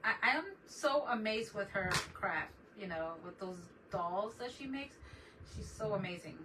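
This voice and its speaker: A woman's voice: medium pitch, lively intonation, a little slow. A middle-aged woman hosting a crafting live stream, chatting casually and greeting viewers by name. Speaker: crafting channel host. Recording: distant mic with noticeable background noise.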